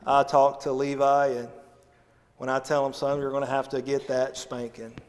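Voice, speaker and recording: A man preaching a sermon as associate pastor, folksy and humorous, swinging between loud emphasis and quiet asides. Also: medium pitch, completely flat delivery, moderate pace. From Missouri, USA. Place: church sanctuary. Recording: long church reverb.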